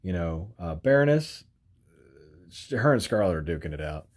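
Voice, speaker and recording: Deep-voiced man rambling through a toy review. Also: big pitch swings, normal speed. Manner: rambling, filler-heavy, frequent "you know"; chuckles while handling figures. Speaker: toy collector reviewing action figures. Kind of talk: casual toy review vlog.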